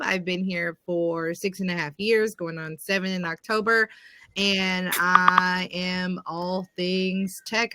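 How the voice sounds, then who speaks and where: A woman's voice: mid-range voice, pushed and bright, dry recording. A woman with a Southern US accent from Georgia, introducing herself as a project manager in a friendly, chatty way over a video call. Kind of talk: casual self-introduction.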